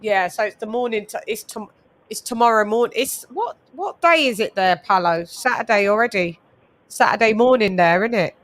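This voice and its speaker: A woman's voice: mid-range voice, moderate pace, a bit bright. A woman hosting a casual boxing livestream, chatting with guests and greeting viewers from the chat. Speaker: host.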